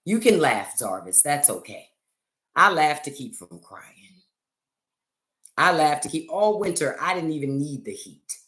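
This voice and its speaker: Deep-voiced and fairly bright, a middle-aged woman speaks a little slowly but with great animation as she runs a casual livestream chat on her phone. Her joking, chatty storytelling is full of theatrical flair, captured in an echoey room.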